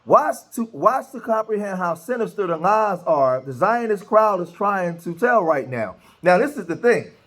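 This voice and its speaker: A man's voice: sits high, sing-song, moderate pace, hardly any pauses, fairly bright tone. A man hosting political commentary, talking loosely with many restarts and reading posts aloud. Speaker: commentary host.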